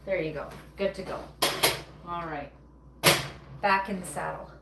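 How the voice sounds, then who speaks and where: A woman chats loosely with her viewers as she bakes, taking her time over each thought. Her voice comes from across a roomy kitchen, set back from the mic. There is steady noise behind her. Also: lowish voice, unhurried, vocal fry. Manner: chatty, rambling, talks to chat viewers. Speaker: livestream host baking at home. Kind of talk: casual live-stream chat while working. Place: home kitchen. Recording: roomy, distant, noisy kitchen sound.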